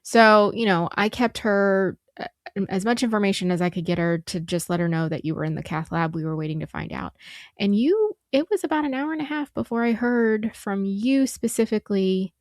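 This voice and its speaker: Sharing an emotional family story on the podcast she co-hosts, a middle-aged woman speaks conversationally and quotes lots of dialogue. Her medium-pitched voice is animated at a moderate pace, captured in studio quality with no room sound.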